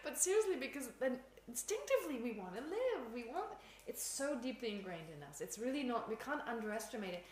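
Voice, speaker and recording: Chatty woman giving a lively dharma talk. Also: fairly high pitch, brisk, hardly any pauses. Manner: chatty, laughs often, self-mocking. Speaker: Buddhist teacher. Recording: echoey room, faint ambience.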